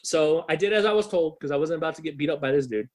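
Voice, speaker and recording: A man in his thirties, a musician guest on a podcast, telling a story in a casual, swearing, animated way. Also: fairly high pitch, fast talker. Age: 30s. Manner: swears freely, animated retelling.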